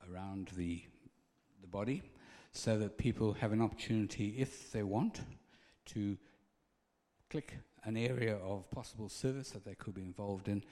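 A man's voice: lowish voice, darkish tone, long reverb tail. A man preaching a conversational sermon and acting out little scenes.

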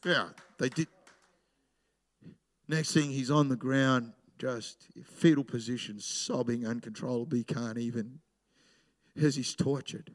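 A middle-aged man, a pastor preaching a sermon in a conversational way, swinging between loud emphasis and hushed storytelling. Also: medium pitch, steady tone, slow, long pauses.

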